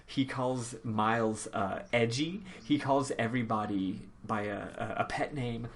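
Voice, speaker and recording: A man hosting a podcast, recapping a game in casual chat, rambling with lots of ums and quick laughs. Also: mid-range voice. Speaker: podcast host.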